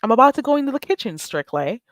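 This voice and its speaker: A woman voicing a posh English lady in a put-on English accent who calls someone in for supper with drawn-out endearments. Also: on the high side, sing-song, dry recording. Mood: sing-song. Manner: sing-song, drawn-out endearments. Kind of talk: live stream chat.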